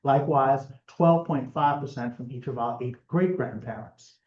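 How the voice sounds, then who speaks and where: A man talks through his lecture in a loose, conversational way, often pausing on fillers and restarting his sentences. His voice sits at a middling pitch. The recording is roomy and muffled, as if captured in a lecture room. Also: a little hiss or hum. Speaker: genealogy presenter. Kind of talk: lecture presentation.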